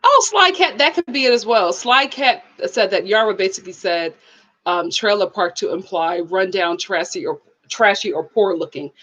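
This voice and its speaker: A woman's voice: mid-range voice, moderate pace, highs cut off. A woman hosting a live review stream, chatting casually, laughing often and reading out viewer comments. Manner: animated, laughs often, reads chat comments aloud. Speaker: live show host.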